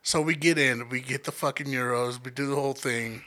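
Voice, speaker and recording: A man's voice: medium pitch, fairly quick. A man telling a rowdy story in casual chat, swearing freely and laughing along. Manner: profane, animated storytelling with a laugh.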